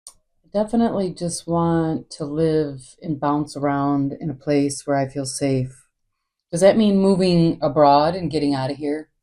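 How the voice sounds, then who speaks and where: Low-voiced, candid woman podcaster. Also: unhurried, mellow. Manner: candid, rambling, swears freely. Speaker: podcast host. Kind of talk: casual solo monologue.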